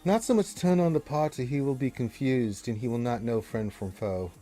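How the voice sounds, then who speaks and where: A man's voice: mid-range voice, normal speed, mellow, soft background music. A man narrating as game master of a tabletop game in a loose, conversational way with fillers.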